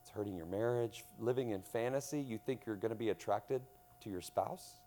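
A man preaching a sermon to a congregation, swinging from loud emphasis to hushed tones and asking the room questions. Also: fairly low pitch, moderate pace, slight background noise. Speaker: pastor.

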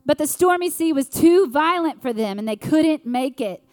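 A woman preaching an earnest sermon with dramatic pauses. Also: high-pitched, lively intonation, a little mellow, dry recording, studio quality.

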